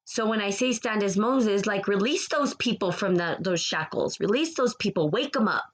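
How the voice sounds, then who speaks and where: A woman's voice: medium pitch, lively intonation, moderate pace, poor audio. A woman speaking to her followers in a casual spiritual monologue, passionate and rambling, repeating herself as she gets preachy.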